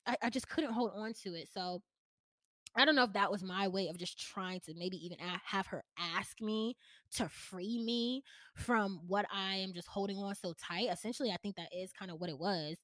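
A young woman in her twenties hosting a personal storytelling podcast, recorded close and dry with no room sound. She speaks candidly and emotionally at a middle pitch, chatting directly to her listeners as if they were friends. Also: normal speed, fairly bright tone, no room sound. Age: 20s. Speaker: podcast host.

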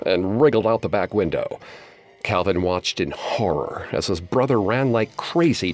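A man reading a horror story aloud in a measured, suspenseful way. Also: sits low, faint music behind. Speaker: narrator. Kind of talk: scripted horror story narration.

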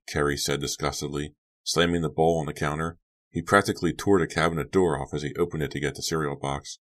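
A man narrating an audiobook in an even, measured storytelling voice. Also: extremely low pitch.

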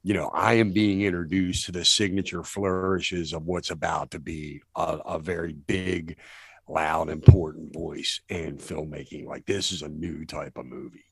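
A man co-hosting a podcast, chatting casually about films in a halting way, stammering and using lots of fillers. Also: deep voice, steady tone, gravelly, slightly rough, no room sound. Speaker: podcast co-host. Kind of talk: casual film discussion.

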